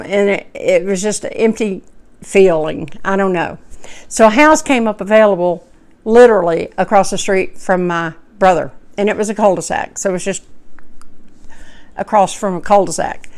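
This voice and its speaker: Woman, middle-aged, folksy, rambling, self-correcting, smooth clear voice. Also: mid-range voice. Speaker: cooking channel host telling a personal story. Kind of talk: casual personal storytelling.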